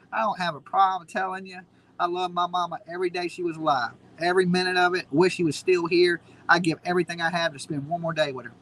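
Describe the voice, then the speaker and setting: A man's voice: fairly high pitch, a bit bright, poor audio. A man hosting a live stream, ranting in a mocking, combative way. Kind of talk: heated casual commentary.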